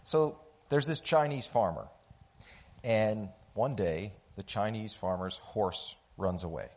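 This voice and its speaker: A man's voice: lowish voice, takes it slowly. A man telling a parable to a live audience, acting out the characters' voices. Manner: animated, acts out the voices of characters. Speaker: speaker telling a story to an audience. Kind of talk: storytelling talk.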